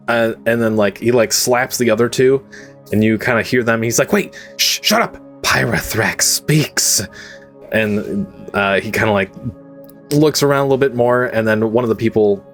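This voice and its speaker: A young man running a tabletop game as game master, narrating casually at home into his own microphone, rambling with lots of "like" and "um" and laughing easily. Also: fairly low pitch.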